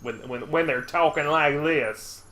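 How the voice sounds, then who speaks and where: A man from the United States chatting casually while streaming a game, laughing often and swinging between loud bursts and quiet asides. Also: on the high side, measured pace. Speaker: streamer host. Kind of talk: casual chat while gaming. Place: indoors at home.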